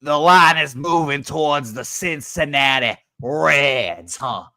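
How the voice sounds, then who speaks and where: A man co-hosting a betting show with an unhurried, drawn-out delivery and a slightly higher voice than most. His talk is teasing and playful, and it slides into a put-on Southern drawl. The sound is dry and close, with no room around it. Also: pushed and bright, dry recording. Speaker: co-host. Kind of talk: casual sports betting chat.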